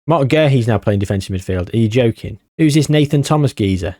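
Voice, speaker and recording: Exasperated man, mellow voice. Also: mid-range voice, expressive, a little fast, dry recording, clean studio sound. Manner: exasperated, grumbling, sarcastic asides. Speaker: gaming YouTuber. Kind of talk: casual game commentary.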